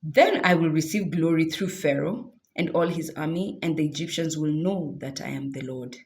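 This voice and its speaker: Brief: a low-voiced woman reads scripture expressively and breaks in with casual comments. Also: normal speed. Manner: expressive, animated, adds comments and affirming hums. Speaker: Bible reader. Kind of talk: scripture reading with casual asides.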